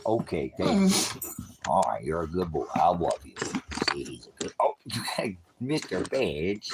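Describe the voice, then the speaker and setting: A man with a very low voice that still swings widely in pitch. He hosts a casual livestream, rambling from joke to joke and breaking off to coo at his dogs, with a faint noise behind him. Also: huge pitch swings, normal speed. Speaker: livestream host.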